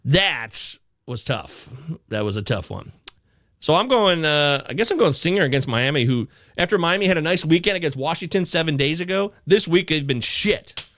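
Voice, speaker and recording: A man hosting a live fantasy baseball chat show, reading viewer comments aloud with excitable, casually profane banter. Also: fairly high pitch, normal speed, no echo. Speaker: fantasy baseball podcast host.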